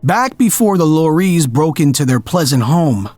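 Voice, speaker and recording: A man narrating a scripted horror story in a measured, darkly dramatic way. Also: a little high, sing-song, darkish tone, dry recording, soft background music.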